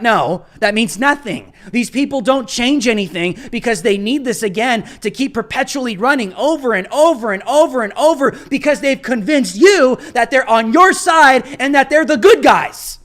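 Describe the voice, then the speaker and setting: A man's voice: very high voice, moderate pace, hardly any pauses, fairly bright tone. A man hosting a live political commentary show, talking in an emphatic, sarcastic, ranting way. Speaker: host.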